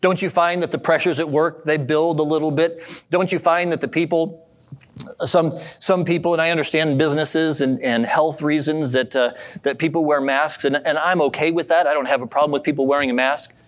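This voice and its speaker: A man preaching a sermon in a relaxed, conversational way, telling a story and asking his listeners questions. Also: fairly high pitch, normal speed. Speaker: pastor.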